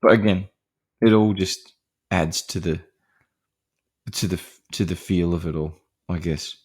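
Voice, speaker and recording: A man's voice: sits low, steady tone, measured pace, breathy edge. A man hosting a podcast, talking through a film in a casual, rambling way with many fillers and restarts, laughing lightly between points. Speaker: podcast host discussing horror films.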